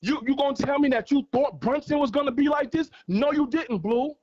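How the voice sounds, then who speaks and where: High-pitched man, heated sports debate, insistent and repetitive, muffled lo-fi call audio. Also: a little fast, a little mellow. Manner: passionate, argumentative, repeats points for emphasis. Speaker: guest caller on a fan livestream.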